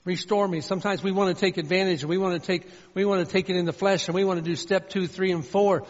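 A man's voice: high voice, steady tone, fast talker. A man preaching a sermon as pastor, fervent and repetitive, often voicing prayers aloud. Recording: dull, reverberant hall sound.

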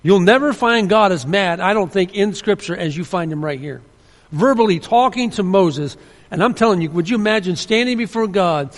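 A man's voice: high-pitched, normal speed. A man preaching a sermon, earnest and emphatic, often restarting his sentences. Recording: long hall reverb.

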